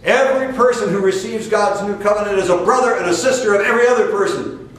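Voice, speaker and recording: An older man with a Midwestern American accent preaching a sermon to a congregation, emphatic and fiery, with sudden loud bursts and drawn-out stresses. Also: sits high. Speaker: spiritual teacher. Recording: echoey distant room recording with faint noise.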